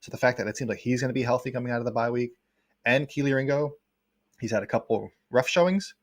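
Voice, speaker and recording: A man talking football at a quick clip, stringing his points together in long, breathless runs. He sounds like a regular on a casual sports podcast, working through his analysis out loud. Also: medium pitch. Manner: fast, analytical, talks in long run-on points. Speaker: co-host, football writer.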